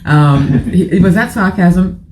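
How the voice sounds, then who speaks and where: A woman's voice: fairly low pitch, takes it slowly, a crowd in the background, rough recording. A middle-aged woman hosting a casual morning chat show, rambling and frank, a little tired. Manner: chatty, rambling, frank and irreverent. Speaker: live show host.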